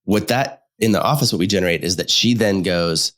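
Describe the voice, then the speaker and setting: A man's voice: sits low, a little fast. A middle-aged man who is a marriage therapist, chatting casually on a podcast while sick and acting out couples' dialogue as he explains. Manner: animated, acts out couples' dialogue when explaining. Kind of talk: casual conversational podcast chat.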